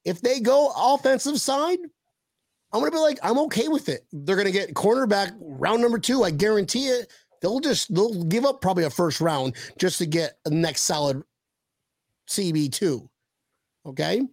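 A man hosting a casual sports podcast, talking in an animated, rambling way with frequent restarts. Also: sits high, moderate pace, no room sound. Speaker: podcast host.

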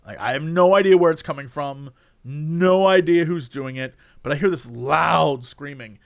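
A man's voice: on the high side, normal speed, gravelly. A man telling a funny story in a casual chat, laughing often and acting out the people he quotes. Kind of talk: casual anecdote.

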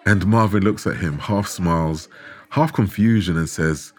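Slow deep-voiced male narrator. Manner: measured, dramatic storytelling with rhetorical questions. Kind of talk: scripted documentary narration. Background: background music.

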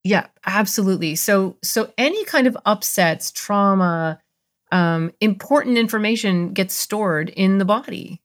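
A woman's voice: medium pitch, unhurried. A middle-aged woman, a therapist, explaining ideas in a podcast interview and acting out little voices in her examples. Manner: animated, acts out voices in examples.

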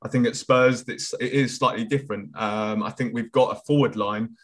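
Man, mid-pitched voice, calm and analytical on a sports podcast. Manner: measured, analytical, hedges with "for me". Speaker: podcast co-host. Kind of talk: casual football podcast chat.

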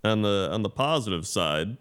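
Laid-back low-voiced man. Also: expressive, normal speed, a bit bright, smooth. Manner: laid-back, brief reactions. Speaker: podcast co-host. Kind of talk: casual podcast chat.

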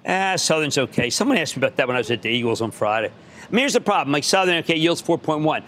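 An older man with a Philadelphia accent hosting a stock-market TV show, talking in a loud, fast, excitable way. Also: fairly high pitch, slight background noise. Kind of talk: energetic TV finance commentary.

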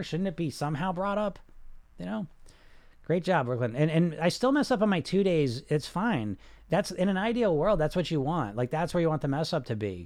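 A man's voice: on the high side, a little mellow. A man hosting a live podcast, talking straight to his listeners in a rambling, emphatic way with lots of restarts. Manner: frequent restarts and "you know". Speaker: podcast host reading live comments. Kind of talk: live-streamed casual podcast talk.

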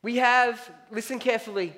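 A man preaches to his congregation in a voice that sits high for a man. He leans into key lines, repeating them for emphasis, and reads scripture aloud between his points. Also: fairly even intonation, normal speed, pushed and bright. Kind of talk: sermon.

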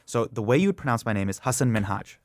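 A man in his thirties, a guest in a casual interview, telling animated stories and acting out the voices of people he quotes. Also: medium pitch, fast, dry recording, studio quality. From United States. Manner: animated storyteller who acts out quoted voices.

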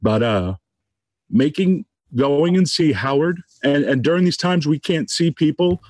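A tearful man giving an emotional tribute, halting and restarting as his voice catches. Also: a little high, animated, a little mellow, no echo. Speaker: guest speaker.

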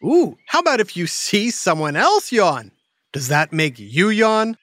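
Narrating a children's science show, the host speaks in an unhurried mid-range voice with no echo. The delivery is animated and playful, quizzing the listener with teasing asides, yawns and sighs.

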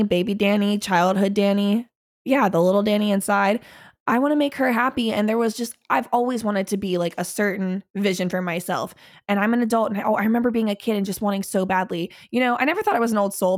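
Candid, swearing young podcast host woman. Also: medium pitch. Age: 20s. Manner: candid, profane, rambling and self-mocking. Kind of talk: casual solo podcast monologue.

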